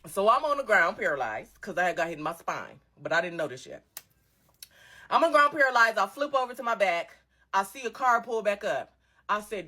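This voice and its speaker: Young woman doing a slangy storytime, bright voice, lots of up and down. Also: medium pitch, fast, husky. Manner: animated, slangy, laughs through her story. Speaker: storytime vlogger. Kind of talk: casual storytime.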